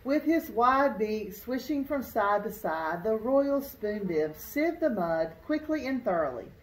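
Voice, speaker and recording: Expressive woman teacher reading a storybook aloud. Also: fairly high pitch, measured pace. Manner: expressive, pointing out pictures. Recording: roomy echo.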